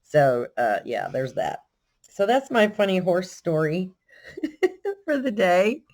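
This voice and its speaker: An older woman from Texas with a Texan accent, telling a story in a casual, animated, self-deprecating way. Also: on the low side, slow pace. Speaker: vlogger.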